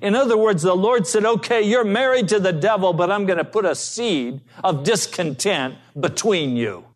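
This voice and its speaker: A man preaching a sermon as pastor, earnest, telling stories and acting out the people in them. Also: sits high. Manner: slow, earnest preaching with acted-out quotes.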